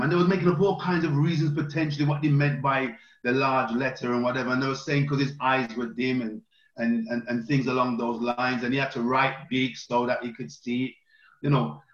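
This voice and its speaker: A man leading a group Bible study, animated and repeating phrases for emphasis. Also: medium pitch. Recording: roomy, dull lo-fi sound.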